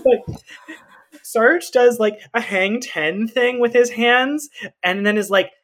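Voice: mid-range voice, slow, a bit bright. A podcast co-host in casual chat, thinking aloud in long rambling sentences and turning blunt at times. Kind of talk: casual chat about a reality show.

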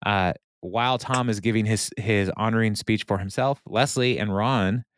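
A man co-hosting a podcast, recapping a TV episode in an animated, casual way with many filler sounds. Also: fairly low pitch, moderate pace. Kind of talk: casual chat.

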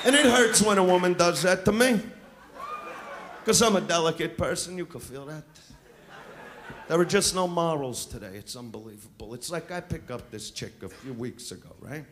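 A man's voice: fairly high pitch, moderate pace, fairly bright tone, slight background noise. A male stand-up comedian with a brash, crude, swaggering delivery on a comedy club stage. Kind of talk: live stand-up set. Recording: live club recording with crowd laughter.

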